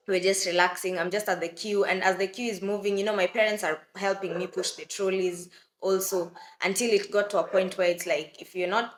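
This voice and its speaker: A woman's voice: medium pitch, a bit bright, slight background noise. A young woman tells a story to her vlog viewers in a chatty, familiar way. Her voice sits in a middle range. The recording carries a noticeable room echo. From Kenya. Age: young adult. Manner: chatty, addresses viewers as guys. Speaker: vlogger. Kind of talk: storytelling to camera. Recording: roomy echo.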